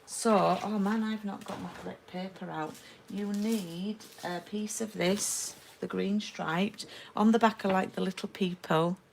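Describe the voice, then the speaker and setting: A woman's voice: medium pitch, fairly even intonation, measured pace, vocal fry, few pauses, a little hiss or hum, poor audio. A woman giving a chatty live-streamed card-making lesson and greeting viewers by name. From England.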